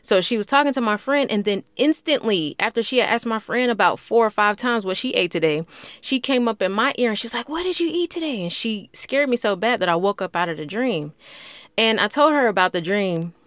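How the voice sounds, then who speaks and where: A woman hosting a faith podcast, chatting excitedly and casually with lots of "like" and "y'all". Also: medium pitch, fairly quick, no room sound. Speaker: podcast host.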